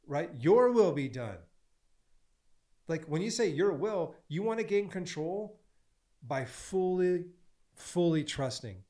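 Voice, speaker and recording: A man speaking as a podcast guest in an animated, preachy way, stacking repeated phrases as he coaches. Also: on the high side, slow, pauses often.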